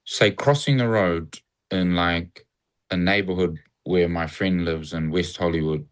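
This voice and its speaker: Man, New Zealand accent, fairly low pitch, casual conversation, reflective, rambling. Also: unhurried. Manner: rambling, reflective, acts out cheerful greetings. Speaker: interview guest.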